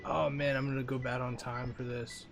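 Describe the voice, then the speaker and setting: A young man co-hosting a live stream, relaxed, calling out his game moves and saying bro. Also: medium pitch, moderate pace, vocal fry. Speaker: streamer co-host. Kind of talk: casual live-stream chat while gaming. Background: faint game music.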